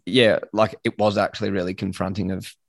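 A man interviewing a guest, asking long questions in a halting way and rephrasing them as he goes. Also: deep voice, flat delivery, creaky, dry recording, clean studio sound.

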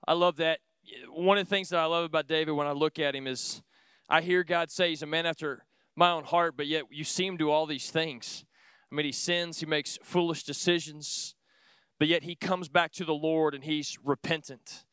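A man preaches with earnest emphasis, firing rhetorical questions at his listeners. His voice sits high for a man and rings bright and smooth. The sound is dry and close. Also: fairly even intonation, moderate pace, no room sound. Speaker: pastor. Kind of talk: sermon to a small group.

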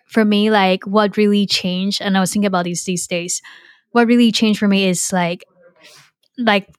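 A woman's voice: mid-range voice, no room sound. Woman, podcast host, native chinese speaker, candid, self-deprecating, filler-heavy, dry recording. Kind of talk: casual podcast conversation.

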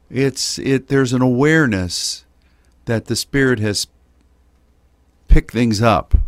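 A middle-aged man co-hosting a prayer ministry radio show, chatting casually and haltingly with many fillers and restarts. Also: medium pitch, clear, resonant tone, no room sound, studio quality. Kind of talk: casual chat.

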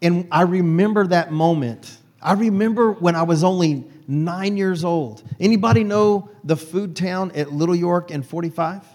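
A man's voice: high voice, normal speed, hardly any pauses. Folksy man telling his life story. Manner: folksy, animated. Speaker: speaker. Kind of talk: personal storytelling talk.

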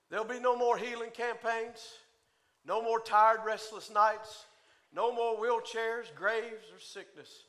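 Male preacher, high bright voice, rhythmic sermon delivery that climbs from hush to shout. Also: steady tone, takes it slowly. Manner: swings from hushed to shouting, rhythmic preaching cadence. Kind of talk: Pentecostal-style sermon.

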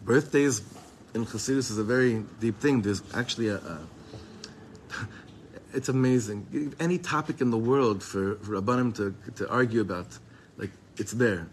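A Chabad teacher gives an informal Torah class to a group, talking casually and ramblingly with frequent restarts, fillers, and chuckles, and he sprinkles in Hebrew and Yiddish terms. His voice is lowish at a normal speed, with a little hiss or hum in the recording.

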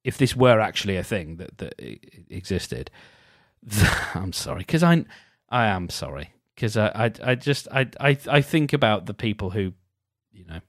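A man's voice: fairly low pitch, animated, dry recording, studio quality. Wry, self-mocking man on a podcast. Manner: wry, self-deprecating, halting with restarts. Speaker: podcast host. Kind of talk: casual solo podcast, reading aloud and commenting.

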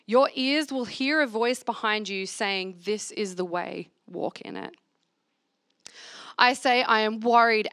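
A fairly high, slightly bright female voice leads a church reflection, reading scripture and earnestly calling on listeners to repeat affirmations after her. The sermon follows a call-and-response pattern at a church gathering. The recording is dry and studio quality.

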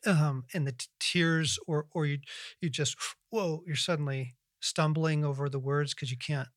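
A middle-aged man hosting a Christian podcast, talking earnestly and reflectively in casual conversational teaching, with lively bursts and frequent restarts. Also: on the high side, normal speed, dry recording, studio quality. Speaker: podcast host and Christian author.

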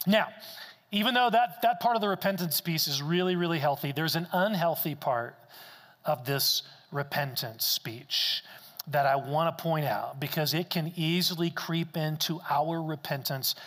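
Bright-voiced male preacher in a reverberant hall. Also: a little high, unhurried. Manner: emphatic, repeats key phrases for stress. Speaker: pastor. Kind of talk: sermon.

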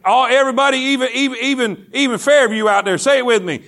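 A man's voice: very high voice, fast talker, few pauses, a bit bright. A male pastor preaching a sermon in a church, impassioned and repetitive, calling the congregation to respond. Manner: impassioned, repeats phrases, calls for congregation response. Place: church sanctuary.

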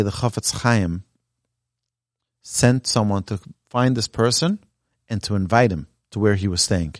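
A man's voice: fairly low pitch, dry recording, clean studio sound. A man teaching a Torah class as a rabbi, speaking earnestly and urging his listeners, with emphatic rising lines as he tells a story. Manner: earnest, exhortative, tells stories with emphatic rises. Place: Torah learning center, indoors. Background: live audience present.

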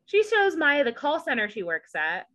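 A woman with a Southern accent co-hosting a casual recap podcast, sarcastic and animated, slipping into impressions. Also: high voice, moderate pace. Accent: Southern American. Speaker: podcast co-host.

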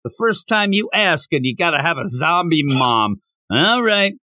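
A man's voice: on the high side, very animated, measured pace, sharp tone, no echo, studio quality, exaggerated voice. A man voicing a panicky, loyal teenage schoolboy who talks in flustered exclamations.

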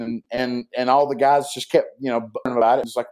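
A man of middle pitch speaks as a guest on a talk show. He tells loose stories and earnest reflections, rambling through fillers and restarts. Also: little pitch movement, fairly quick, a little mellow, low-quality recording. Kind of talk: casual storytelling and heartfelt reflection.

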